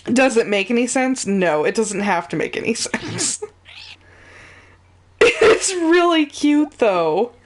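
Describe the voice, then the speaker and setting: A woman's voice: fairly high pitch, big pitch swings, slow pace, pauses often. Chatty woman streamer laughing through a game. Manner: chatty, laughs often, rambles with restarts. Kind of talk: casual live game commentary.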